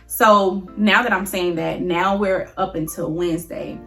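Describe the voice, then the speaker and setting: A young woman talks straight to her viewers in a relaxed, chatty storytelling style, her voice a little low for a woman. She gets emotional easily and keeps calling her audience y'all. Faint music plays softly underneath. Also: measured pace. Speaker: vlogger. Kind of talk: casual storytelling to camera.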